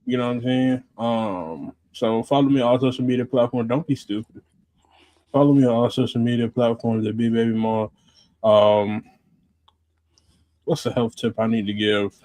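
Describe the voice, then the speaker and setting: A man's voice: medium pitch, steady tone, moderate pace, dark tone, no echo, poor audio. A man co-hosting a casual livestream, laid-back and hesitant, with many "um"s. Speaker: podcast co-host.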